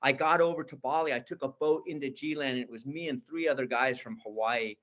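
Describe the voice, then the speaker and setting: 60s guy, excited storyteller, keeps restarting sentences, kinda dull lo-fi audio. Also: mid-range voice, fairly quick. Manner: enthusiastic, rambling with restarts. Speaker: guest. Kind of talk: casual storytelling.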